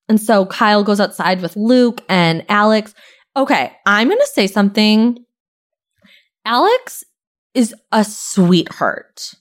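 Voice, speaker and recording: A woman's voice: mid-range voice, animated, a little slow. A young woman hosting a podcast, recapping reality TV in a gossipy, chatty way, full of "like" and casual swearing. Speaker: podcast host.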